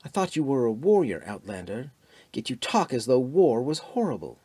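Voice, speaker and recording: A man's voice: medium pitch, very animated, normal speed, dark tone, husky, dry recording. A man reading the lines of a proud, disdainful warrior princess in an audiobook, in a cold, haughty tone.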